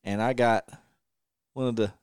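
A man hosting a podcast, an ex-wrestler telling stories in a lively, anecdotal way. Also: mid-range voice, moderate pace. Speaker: podcast host and former wrestler. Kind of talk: casual storytelling interview.

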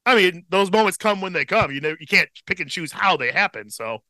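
A man in his thirties co-hosting a casual podcast chat, relaxed and profane, with a slight tickle in his throat. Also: high voice, a little fast, no room sound. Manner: laid-back, profane, chuckles often. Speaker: podcast co-host.

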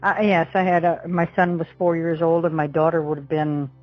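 A middle-aged woman with a low, fairly flat voice speaks briskly on a muffled recording. As an interview witness, she rambles through a past event and acts out the dialogue she quotes.

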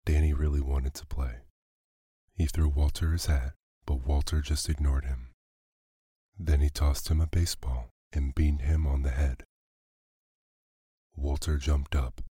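A man reads a children's story aloud in a calm, unhurried bedtime manner. His voice is extremely low and dark with a husky, breathy grain, and the recording is dry and close. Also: no echo. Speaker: narrator.

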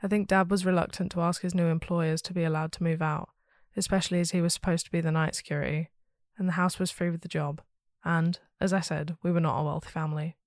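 A woman hosting a story podcast, reading a listener's ghost story aloud with steady, expressive storytelling. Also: lowish voice, fast talker, few pauses, no echo, clean studio sound.

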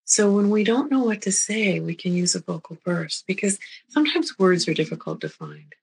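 A middle-aged woman lectures as a therapist, her voice gravelly with a breathy, husky edge. She speaks gently and unhurriedly, repeating herself and checking in with her listeners as she goes. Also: medium pitch, expressive, normal speed, poor audio. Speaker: therapist teaching a psychology talk. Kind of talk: recorded lecture.

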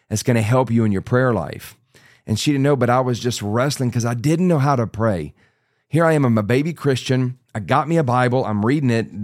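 Preacher guy in his 40s telling his testimony, earnest, keeps restarting, middle pitch, dry close sound. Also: darkish tone, no room sound. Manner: earnest storytelling with many restarts and asides. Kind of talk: sermon testimony.

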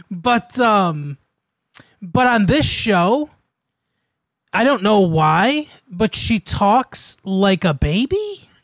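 A man's voice: sits high, sing-song, very slow, pauses often, a bit bright, no room sound. A man in casual podcast chat, laid-back, swearing and laughing often.

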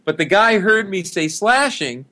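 Speaking a little slowly in a high voice, a middle-aged guest in a relaxed interview recounts a lengthy tale. He brings the story to life by performing the characters he talks about.

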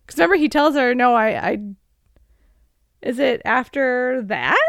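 Woman, high voice, dry close sound, animated chatty movie recap. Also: unhurried, vocal fry, dry recording. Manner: animated, acts out lines from the film. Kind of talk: casual movie recap chat.

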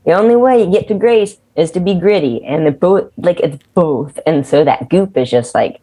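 A woman talking candidly in a casual conversation, animated and swearing freely. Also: fairly low pitch, moderate pace, breathy edge.

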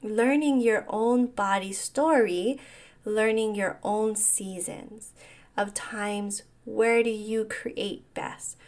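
A woman's voice: medium pitch, a little mellow. A woman, hosting a solo coaching talk in an earnest, reflective way and often asking "right?". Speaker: business coach podcast host.

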